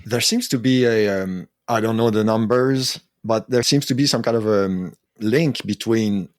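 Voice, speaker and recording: A man hosting a podcast, asking interview questions in a measured, thoughtful way. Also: on the low side, a little mellow, no room sound, clean studio sound. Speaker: podcast host.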